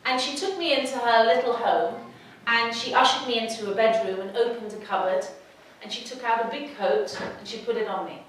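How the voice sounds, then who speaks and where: A middle-aged woman telling a personal story to an audience in a lively, humorous way. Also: on the high side, brisk, few pauses, a little hiss or hum. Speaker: speaker. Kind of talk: storytelling talk. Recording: echoey hall, mic from far off.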